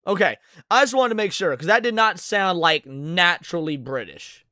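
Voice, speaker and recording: A man rants over a clip as a reaction streamer, swearing hard and tripping over repeated words. His voice sits high, and the mic sounds close and dry with no room around it. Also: expressive, normal speed, sharp tone, no room sound. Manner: ranting, heavy swearing, stammering repeats. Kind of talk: profane reaction commentary.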